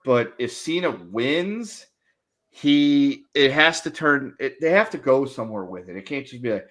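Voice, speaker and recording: A man's voice: mid-range voice, expressive, normal speed, fairly bright tone. A man co-hosting a podcast, giving exasperated, rambling opinions in casual chat. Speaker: podcast co-host.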